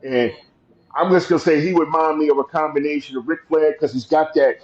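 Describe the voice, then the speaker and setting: A man co-hosting a podcast in casual chat, relaxed and stretching out words for emphasis. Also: fairly high pitch, fairly quick. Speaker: podcast co-host. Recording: slightly dull lo-fi sound.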